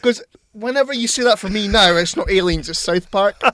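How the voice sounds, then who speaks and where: Man, somewhat high voice, casual podcast co-host, playful teasing banter, dry close recording. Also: a little fast, fairly bright tone, dry recording. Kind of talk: casual chat.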